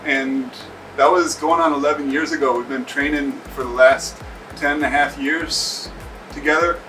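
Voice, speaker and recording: A man casually recalling how he met his training partner, in a relaxed, halting way with many fillers. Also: a little high. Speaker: interviewee, paddling coach. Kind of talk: casual recollection. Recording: distant mic with faint music.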